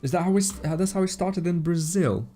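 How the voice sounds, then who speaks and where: A man with a non-native English accent streams a game, his voice warm and mellow. He chats in a relaxed, easy way and reads out and thanks his viewers in chat. Soft game music plays faintly behind him. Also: high-pitched, fast. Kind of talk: casual live-stream commentary while playing.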